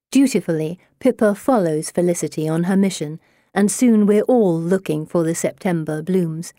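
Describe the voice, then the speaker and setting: Woman audiobook narrator, warm mellow tone, steady expressive first-person reading, dry close recording. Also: on the low side, no room sound. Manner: measured, expressive storytelling.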